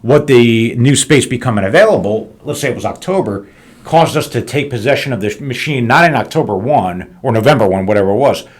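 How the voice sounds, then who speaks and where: A business owner with a medium-pitched male voice hosts a podcast, telling a heated story. He's casual and animated and swears often.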